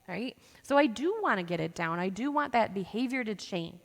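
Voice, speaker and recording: A woman counselor speaks to a church audience in a lively teaching style, often checking in with "right?". Her voice has a gravelly fry at a middle pitch. The sound carries the long reverb of a church hall. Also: moderate pace, few pauses. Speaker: counselor giving a talk. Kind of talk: church presentation.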